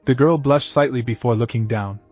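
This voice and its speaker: A man giving a steady scripted fan fiction narration, muffled, with faint music behind. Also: medium pitch, a little fast.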